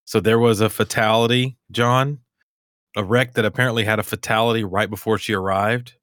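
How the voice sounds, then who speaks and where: A podcast host chats casually, rambling and laughing easily, in a lowish, fairly bright voice with fairly even intonation at a brisk pace. The recording is dry, with clean studio sound.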